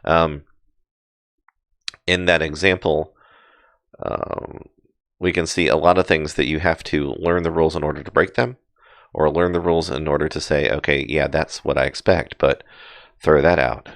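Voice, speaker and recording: A man's voice: very deep voice, steady tone, moderate pace, vocal fry, pauses often, fairly bright tone, no echo. A man giving casual live crypto chart commentary, rambling with many fillers and self-deprecating asides. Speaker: crypto market streamer.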